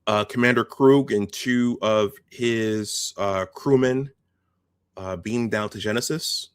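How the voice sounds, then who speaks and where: A man's voice: on the low side, takes it slowly, clear, resonant tone, dry recording, studio quality. A man hosting a video, casually recounting film scenes step by step and quoting the lines as he goes. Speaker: host.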